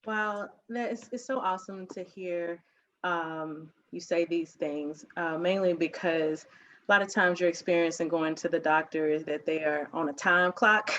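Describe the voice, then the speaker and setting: Low-voiced woman host, dull audio. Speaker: interview host.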